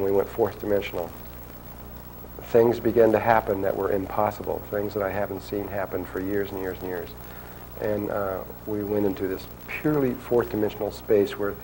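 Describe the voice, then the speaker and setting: A man's voice: lowish voice, warm tone, a little hiss or hum, low-quality recording. A man telling a long personal story to an audience, rambling and acting out quotes. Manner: rambling, restarts often, acts out quotes.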